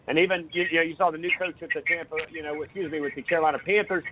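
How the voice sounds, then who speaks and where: A man's voice: a little high, steady tone, rapid-fire. A man hosting a radio show, chatting casually about football and asking questions. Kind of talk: casual sports talk. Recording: phone-like line with background noise.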